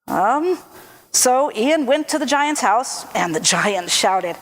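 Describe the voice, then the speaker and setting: Woman telling a folk tale at church, slow and expressive, a bit high. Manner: lively, expressive, slow storytelling. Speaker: storyteller at church service.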